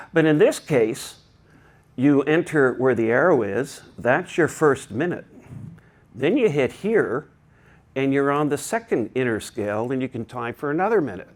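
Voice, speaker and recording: A man presents a technical talk before a live crowd in a conference hall, chatty and prone to digressions and humorous asides. He sounds very animated, speaking at medium pitch and a measured pace.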